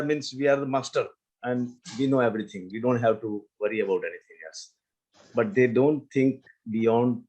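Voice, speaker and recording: A man speaking on a video call, halting and often restarting his sentences. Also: mid-range voice, a little mellow, husky, rough recording. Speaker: participant on a call. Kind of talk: casual discussion on a video call.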